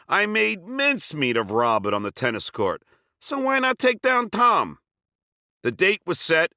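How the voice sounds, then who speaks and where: A man's voice: mid-range voice, bright, forceful tone, no echo, studio quality. A man reading his own memoir aloud, telling crude and sarcastic stories. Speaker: memoir narrator.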